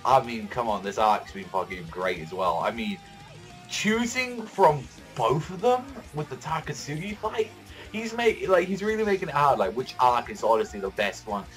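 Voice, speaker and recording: Male vlogger, mid pitch, swears constantly and rambles excitedly; faint music underneath. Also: normal speed. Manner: excitable, profane, rambling with many fillers. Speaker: manga reaction vlogger. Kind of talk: casual reaction commentary.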